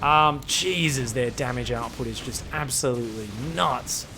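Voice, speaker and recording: A man's voice: mid-range voice, measured pace, sharp tone, faint music behind. A man streaming game commentary, rambling, joking and swearing freely.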